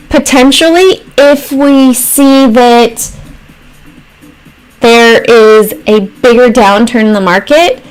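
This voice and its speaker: A woman with a fairly high voice hosts a casual stock trading livestream. She walks through charts, thinking aloud with pauses and trailing phrases. Now and then she breaks off to answer messages from viewers in the chat. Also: rough recording.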